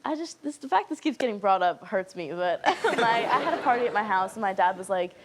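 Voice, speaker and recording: A young woman, a talk show guest, telling a funny story in a rapid, animated way. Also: medium pitch, background noise.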